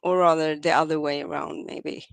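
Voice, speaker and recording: A woman's voice: low voice, little pitch movement, normal speed, vocal fry, no echo. A woman in casual chat, wry and joking, laughing often. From Sweden.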